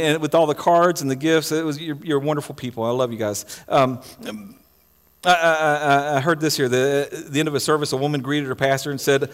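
A male pastor preaching in a church sanctuary, his voice sitting a little high for a man. He presses his points hard, doubling words and restarting phrases. A long hall reverb trails after each line. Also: steady tone, brisk. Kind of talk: sermon.

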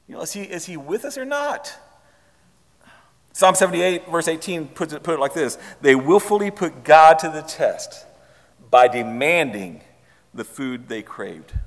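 A man's voice: medium pitch, big-room sound. A man preaching a sermon to his congregation, repeating words and firing questions at them. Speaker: pastor. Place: church sanctuary.

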